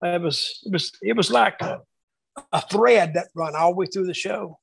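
A man reminiscing casually about his years booking shows, telling lively anecdotes and acting out the quotes. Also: high-pitched, normal speed, creaky, slightly rough, dry recording, poor audio. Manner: animated storyteller acting out quotes. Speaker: wrestling booker telling stories.

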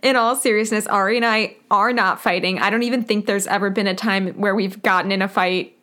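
A woman's voice: medium pitch, steady tone, fairly quick, sharp tone. A young woman co-hosting a podcast in casual chat, talking loosely with lots of fillers and laughing often. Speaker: podcast co-host.

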